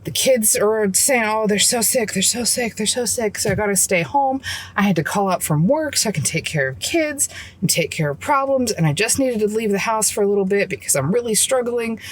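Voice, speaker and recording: A frustrated mom rants into her phone from the car, with a mid-pitched woman's voice. She swears freely as she vents about her hard day, tired and blunt in a casual vlog. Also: lively intonation, brisk. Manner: frustrated, venting, swears a lot. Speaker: vlogger and mom. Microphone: phone camera.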